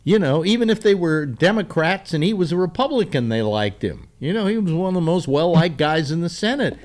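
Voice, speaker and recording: Rambling, animated man hosting a talk show. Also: on the high side. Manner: rambling, halting, many restarts. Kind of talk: casual political chat.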